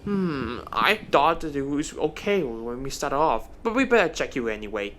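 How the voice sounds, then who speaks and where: A man's voice: mid-range voice, sing-song, normal speed, a bit bright, a little hiss or hum. A man voicing an impatient, cross male engine driver in a fan story, sounding exasperated.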